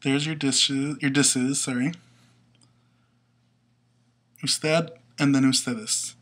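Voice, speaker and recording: A man teaching a language lesson at a board, explaining patiently in a casual way, with fillers and quick self-corrections. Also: medium pitch, level tone, a bit bright. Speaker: Spanish teacher.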